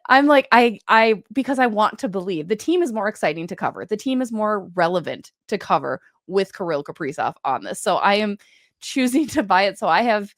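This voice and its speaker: A woman co-hosting a hockey podcast, talking in a chatty, casual way with quick asides. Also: mid-range voice, fairly bright tone, no room sound, studio quality. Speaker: podcast co-host and hockey writer.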